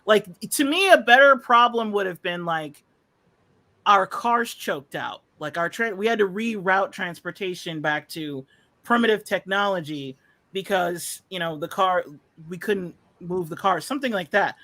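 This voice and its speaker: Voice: medium pitch, lively intonation, unhurried, bright, forceful tone. A podcast host ranting casually about a movie, profane, sarcastic and exasperated, rambling with fillers. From United States.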